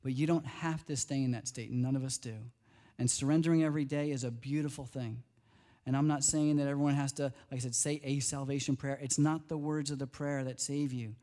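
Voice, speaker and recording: A middle-aged man preaching a sermon as pastor, speaking casually and animatedly, his voice climbing high when he marvels. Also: fairly even intonation, a little fast, warm tone.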